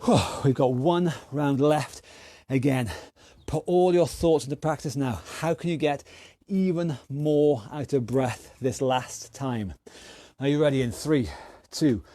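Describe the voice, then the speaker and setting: Slow-talking man coaching a workout. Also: medium pitch, warm tone, no echo, studio quality. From United Kingdom. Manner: encouraging, counts down and calls out moves. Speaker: fitness instructor. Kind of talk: online workout class coaching.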